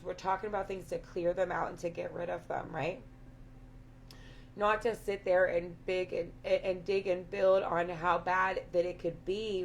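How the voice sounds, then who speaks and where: A woman with a raspy voice giving an earnest, affirming spiritual talk to her viewers, repeating her points. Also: medium pitch, a little hiss or hum. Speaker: spiritual live-stream host.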